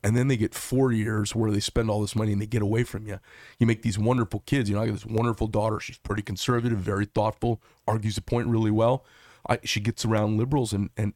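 A man's voice: fairly low pitch, no room sound, clean studio sound. A middle-aged man hosting a political interview, talking in a passionate, opinionated, rambling way. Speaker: talk show host.

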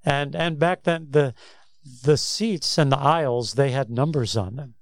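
Speaking at medium pitch and a somewhat slow pace, with no echo, a co-host of a Christian talk show shares stories in a loose, casual discussion of faith. He tends to ramble, starting over and saying words twice.

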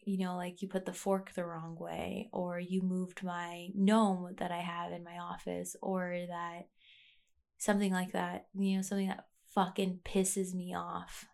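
Woman, vlogger, casual confessional monologue, rambling, fry in the voice. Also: lowish voice, little pitch movement, unhurried, darkish tone. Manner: rambling, candid, ranting.

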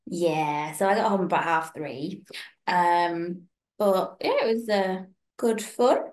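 A young woman chatting on a podcast with a fairly low voice. She tells her stories with energy and slips into the voices of the people she quotes. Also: takes it slowly. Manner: animated storytelling, acting out quoted voices. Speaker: podcast co-host. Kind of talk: casual chat.

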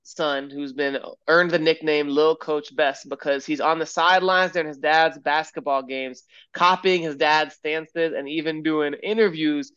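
Smooth-voiced man chatting on a podcast. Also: a little high, measured pace, few pauses, no room sound. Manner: relaxed, filler-heavy, enthusiastic. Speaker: podcast co-host. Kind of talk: casual chat. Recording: dry, slightly muffled lo-fi audio.

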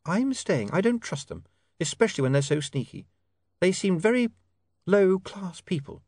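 A man voicing a prim, indignant young woman reporter who talks in a snappish, proper way, well above his own pitch. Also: sing-song, moderate pace, darkish tone, dry recording, studio quality, heavily acted. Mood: disapproving. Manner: primly snappish.

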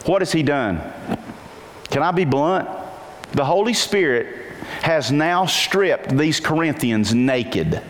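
A male pastor preaching a sermon, questioning his listeners often and slowing down to stretch quoted lines in a singsong voice. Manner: animated, singsong quoting with big pitch jumps and slowed emphasis; asks the congregation frequent questions. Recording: long reverb and faint noise in a hall.

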